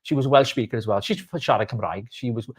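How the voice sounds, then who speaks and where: A man's voice: medium pitch, quick pace, husky. A man co-hosting a casual chat show, joking and teasing as he talks. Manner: jokey, teasing. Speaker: co-host.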